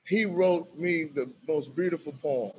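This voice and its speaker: A middle-aged man with a slightly raised pitch tells stories in a loose, animated way, laughing often as he goes. Faint noise sits under his voice. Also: unhurried. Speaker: bishop and violence-prevention worker. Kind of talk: casual storytelling in a conversation.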